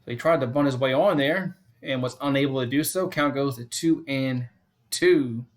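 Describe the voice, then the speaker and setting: A man hosts a fan live stream at normal speed, offering casual play-by-play, repeating the count and score often and chatting with viewers between pitches.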